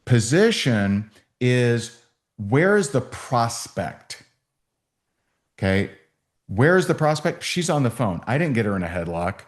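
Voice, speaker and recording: A man's voice: medium pitch, sing-song, takes it slowly. A man giving a sales training talk, telling stories and acting out both sides of phone calls.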